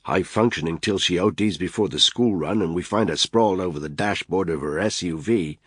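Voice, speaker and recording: A brash, sarcastic surveillance analyst, voiced by a male audiobook narrator. His delivery is blunt and impatient, pitched a little above a husky low baseline. The sound is close and dry. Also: fairly quick, no echo. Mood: wry.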